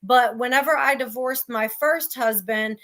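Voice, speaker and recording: A woman with a high, bright voice hosting a casual livestream chat. She explains at an even, measured pace and fills her pauses with ums. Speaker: livestream host.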